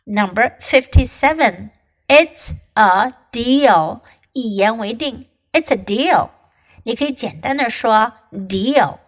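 A woman teaches short English phrases slowly and carefully, acting out little example dialogues. Her voice is on the higher side and swings widely in pitch. She gives each line an expressive, animated reading. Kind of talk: language lesson with acted example dialogues.

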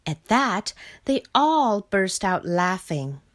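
Taking her time and giving each line plenty of expression, a storyteller reads from a children's picture book. Her voice sits at a medium pitch.

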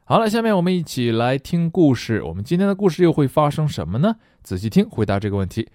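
A man's voice: on the high side, sing-song, fast talker, a little mellow, no echo, studio quality. A man teaching an English lesson in a playful, jokey way. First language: Chinese. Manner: playful, jokey, switches between languages. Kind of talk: lively English lesson with story reading.

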